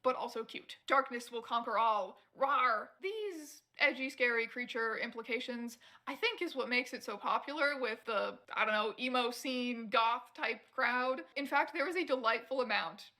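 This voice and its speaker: Female narrator for a scripted video essay: bright, a touch high, dry wit. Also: normal speed, hardly any pauses. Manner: wry, amused commentary.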